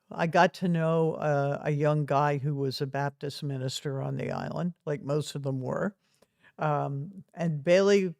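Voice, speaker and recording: A woman's voice: deep voice, darkish tone, no room sound, clean studio sound. A woman guest, a retired reverend, telling personal stories earnestly with small chuckles. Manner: earnest, chuckles through anecdotes. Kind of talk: storytelling in conversation.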